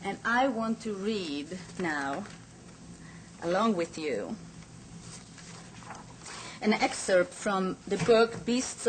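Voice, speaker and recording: A woman lecturing at an academic forum in an earnest, emphatic way. Her voice sits on the low side, and a faint hiss runs underneath. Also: rough recording. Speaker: academic speaker. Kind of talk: conference lecture.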